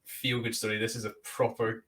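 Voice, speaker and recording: A man's voice: lowish voice, completely flat delivery, a little fast, a bit bright, far from the mic. A British man hosting a podcast, recapping his guest's story with rambling enthusiasm. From Britain. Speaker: podcast host. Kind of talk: conversational podcast interview.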